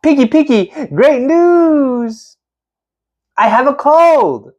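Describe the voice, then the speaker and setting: A woman's voice: a little high, very animated, slow, highs cut off, voice pushed up. Woman doing Piggy, an eager pig. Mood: cheerful. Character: cheerful excitable pig best friend. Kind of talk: storybook read-aloud.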